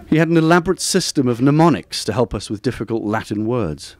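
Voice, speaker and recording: A man, reading aloud from a personal essay at a bookstore event in a measured, wry, literary way. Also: medium pitch, expressive, no echo. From Durham, northern England. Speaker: author reading from his book.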